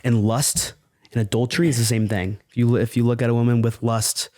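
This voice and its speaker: A man's voice: medium pitch, fairly even intonation, brisk, darkish tone, no echo. Earnest man with a dry voice. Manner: earnest and fervent, peppered with "bro". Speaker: podcast guest. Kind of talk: casual podcast talk.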